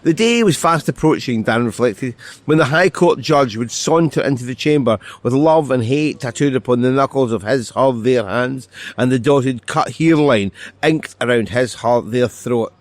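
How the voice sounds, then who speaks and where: A middle-aged author reading from his novel and chatting as a guest, wry and quick to correct himself, recorded outdoors by a street. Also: mid-range voice, dry recording. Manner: dry, wry and self-correcting. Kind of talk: reading aloud from a novel, then casual conversation.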